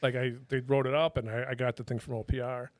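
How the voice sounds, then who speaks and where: A middle-aged man who used to be a federal agent rattles off casual, animated stories in a mid-range voice, talking fast. Profanity flows freely as he quotes people in their own voices, heard in a dry, studio-quality recording.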